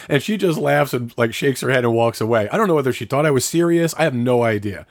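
A man's voice: mid-range voice, quick pace, hardly any pauses, dry recording, studio quality. A man co-hosting a podcast, telling a long story in casual chat. He swears freely and acts out what people said. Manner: profane, animated storyteller acting out quotes.

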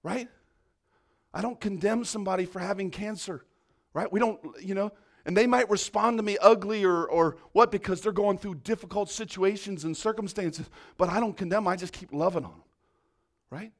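A man preaching a sermon with fervor, often checking in with "right?", moving between loud exhortation and quiet prayer. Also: sits high, normal speed. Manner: peppers talk with "right?".

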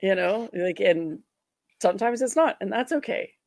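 Frank, gravelly-voiced woman. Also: medium pitch, normal speed, a little mellow, dry recording. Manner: frank, emphatic, wry. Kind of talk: casual podcast conversation.

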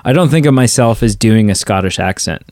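A man's voice: on the low side, animated, fairly quick, a little mellow, no room sound, clean studio sound. Rambling man on a movie podcast. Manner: rambling, filler-heavy. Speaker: podcast co-host. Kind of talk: casual movie podcast chat.

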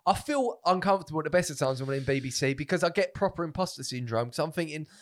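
A young man, co-hosting a podcast, telling stories in a casual, animated way, swearing freely and acting out what people said. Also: fairly high pitch, racing. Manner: animated storyteller, swears freely, acts out quotes. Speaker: podcast co-host, comedian. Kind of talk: casual chat.

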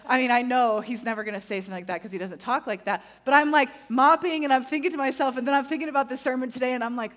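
A woman in her thirties preaching a sermon in a conversational, animated way, often checking in with the audience. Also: high-pitched, very fast, hardly any pauses. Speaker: pastor.

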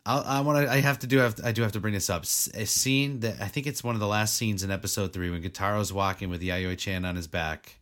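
A man co-hosting a casual podcast chat, relaxed and rambling. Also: on the low side, fast talker, hardly any pauses. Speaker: podcast co-host.

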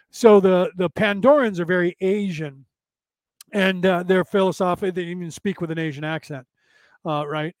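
A man hosts a loose spiritual talk, rambling, circling back and repeating his points like a preacher. His voice is high for a man, and the recording is close and dry. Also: no room sound. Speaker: podcast host.

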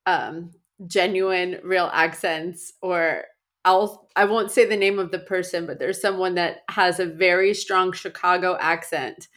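A woman's voice: on the low side, fairly even intonation, unhurried, a bit bright. A woman co-hosting a podcast as a comedian, chatting casually, laughing often and leaning on "like". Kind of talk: casual chat.

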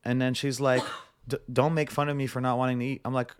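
A young man chats as a guest on a podcast in a mid-pitched voice. He spins a long, rambling story and acts out each exchange with "I'm like" and "she's like". His talk is loose and casual, full of "like". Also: flat delivery, brisk, clear, resonant tone.

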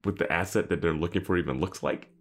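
A man's voice: low voice, quick pace. A man co-hosting a casual podcast, laughing easily and adding rambling asides about the episode. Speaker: podcast co-host. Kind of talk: casual recap chat.

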